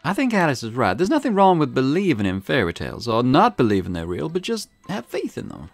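A man's voice: medium pitch, huge pitch swings, a little fast, vocal fry, no echo, soft background music. A man hosting a let's play, reading a detective visual novel aloud with casual asides.

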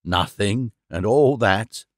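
A man's voice: fairly low pitch, slow, no echo, studio quality, voice pushed down. A man voicing a weary, hungry male traveller who speaks plainly and insistently.

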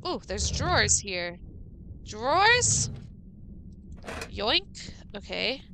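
A woman's voice: on the high side, lively intonation, a little slow, background noise. A woman streaming a horror game live, chatting playfully with her viewers and sounding jittery. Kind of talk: live gameplay commentary.

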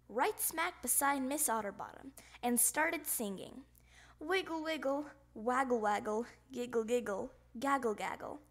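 A woman reading a children's picture book aloud, with a high voice that rises and falls in a lively way. She narrates slowly and expressively and adds playful sound effects. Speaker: storybook reader.

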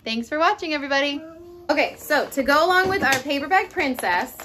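A woman reading a picture book aloud to children, adding gentle, chatty asides. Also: high-pitched, animated, a little fast, noisy background. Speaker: children's read-aloud host.

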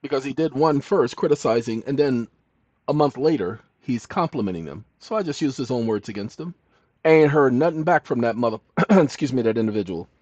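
A man's voice: mid-range voice, expressive, fairly quick, no echo. Emphatic man on a dull dry recording. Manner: emphatic, swings from loud to hushed. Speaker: channel host. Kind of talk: monologue to viewers.

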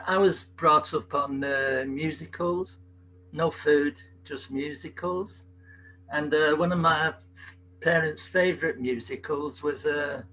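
Slow, gravelly man reading poetry. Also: fairly high pitch, rough recording. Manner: slow, soft-spoken delivery with gravelly fry. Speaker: open mic performer. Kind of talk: poetry reading and sung parody over video call. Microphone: video call.

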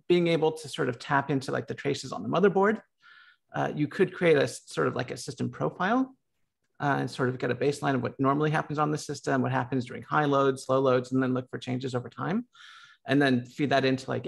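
Gravelly American man, filler-heavy talk. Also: medium pitch, steady tone, a little fast. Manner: lots of filler words and restarts. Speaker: panelist. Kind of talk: casual panel discussion.

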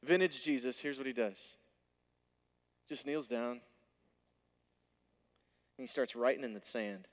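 A male pastor delivering a sermon, telling the story with animated delivery and acting out the dialogue. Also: mid-range voice, a little slow, long pauses, long reverb tail.

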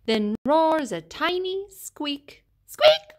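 A woman reading a children's picture book aloud in an expressive, sing-song storytelling manner. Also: medium pitch, slow. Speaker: storybook reader.

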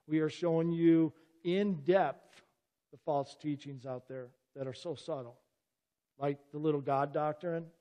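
Earnest pastor preaching in a reverberant church. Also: male voice, fairly high pitch, steady tone, a little slow, mellow. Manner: earnest, emphatic, often breaks in with "listen". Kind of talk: sermon. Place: church sanctuary.

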